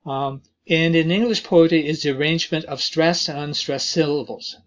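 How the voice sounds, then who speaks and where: A man teaching an introductory lesson on poetry, talking slowly with frequent fillers and reading verses aloud. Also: on the high side, fairly even intonation, dull audio. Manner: slow, deliberate delivery with many fillers and reading aloud of verses. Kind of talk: lecture on poetry.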